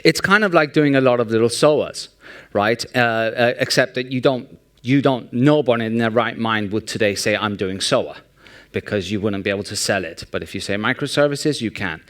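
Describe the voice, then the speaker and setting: Conference speaker, man, dry sarcastic humor, smooth clear voice, middle pitch, animated anecdotes. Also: moderate pace. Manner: sarcastic, joking, animated storytelling. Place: large conference hall.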